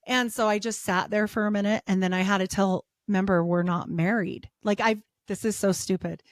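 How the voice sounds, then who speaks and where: A woman in her forties talking as a podcast guest, with a mid-range voice for a woman. She tells her story with lots of laughter and a steady stream of "like". The recording is close and dry, with no room sound. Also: mid-range voice, fairly quick, dry recording. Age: 40s. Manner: animated, laughs often, many "like" fillers. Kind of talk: casual storytelling.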